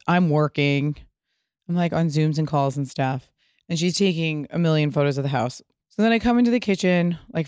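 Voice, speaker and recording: A woman's voice: low-pitched, dry recording, clean studio sound. A woman in her thirties from California, hosting a podcast and telling a story in casual chat, swearing freely and acting out what people said. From Pasadena, California. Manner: animated storyteller, swears freely, acts out quotes. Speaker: podcast host.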